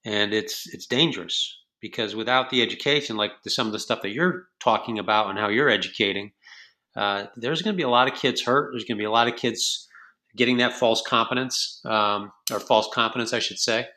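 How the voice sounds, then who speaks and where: A man's voice: on the low side, brisk, bright, forceful tone. A man hosting a podcast, talking in a thoughtful, questioning way in a casual chat. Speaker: podcast host.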